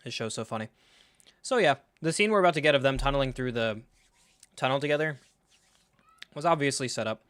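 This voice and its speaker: A man hosting a live reaction stream, talking in an animated, sarcastic way, swearing freely and acting out scenes. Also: medium pitch, brisk, long pauses, smooth, no echo. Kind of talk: casual live reaction commentary.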